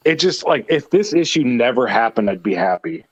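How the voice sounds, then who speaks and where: A man co-hosting a casual comics chat who talks in quick restarts. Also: medium pitch, animated, dry recording, low-quality recording. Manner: chatty, frequent restarts. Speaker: co-host.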